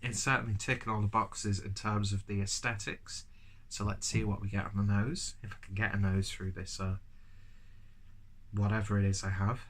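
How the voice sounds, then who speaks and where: Guy with a cold reviewing beer, bunged-up nose, lowish voice but bright and forceful, rambles on. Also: level tone, normal speed. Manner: rambling, chatty, self-deprecating. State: stuffy-nosed with a cold. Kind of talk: casual review vlog.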